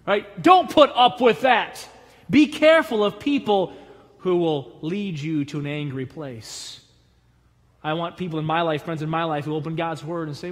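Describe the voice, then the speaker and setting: High-voiced preaching pastor in a reverberant church. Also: male voice, unhurried. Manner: emphatic preaching with rising, punchy repetitions. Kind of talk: sermon. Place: church sanctuary.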